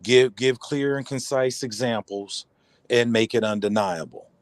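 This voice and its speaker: A man's voice: medium pitch, measured pace, no room sound. A man joining a casual audio chat, mostly agreeing with short interjections.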